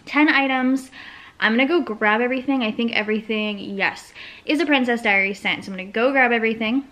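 A woman's voice: fairly high pitch, brisk, fairly bright tone. A young woman talking casually in a home vlog, rambling with lots of fillers as she talks through her work. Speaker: small business owner and vlogger. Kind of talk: casual chatty vlog narration.

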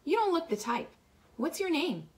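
A woman voicing a pretty, cool-headed teenage girl cheerleader in a read-aloud, with a biting edge that softens. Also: high voice, sing-song, normal speed, voice pushed up.

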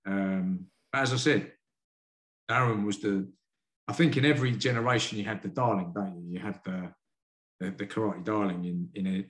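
A man from the UK, a karate sensei and boxing coach, telling stories frankly and earnestly as a podcast guest. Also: low voice. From United Kingdom. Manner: frank, earnest, quick to admit feelings. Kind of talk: candid storytelling in a podcast interview.

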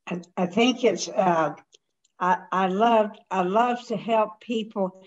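An older woman hosting a casual conversation, talking in a halting, rambling way with many restarts. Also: mid-range voice, highs cut off. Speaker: host.

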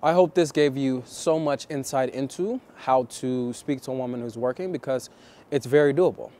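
A man coaching viewers on dating in a vlog, talking deliberately and repeating key phrases for emphasis. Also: mid-range voice, dark tone.

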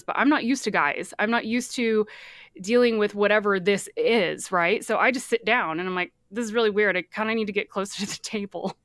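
Podcast guest, woman, middle pitch, chatty storyteller who acts out quotes; clean, dry recording. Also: fairly bright tone, dry recording. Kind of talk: casual personal storytelling.

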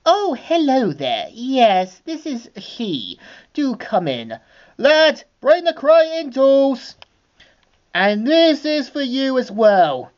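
A shrill, haughty villainess, vain and obsessed with fashion, as a woman puts her on while reading a comic aloud. She swoops up high and drags out her words with grand theatrical flair. The recording sounds dull and lo-fi. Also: big pitch swings, slow, a little mellow, exaggerated voice. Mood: gushing.

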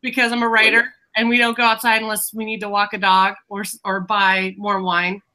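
A woman's voice: medium pitch, completely flat delivery, brisk, pushed and bright. A woman co-hosting a book club video chat, telling rambling stories in a chatty way over a webcam. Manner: chatty storyteller, rambling asides.

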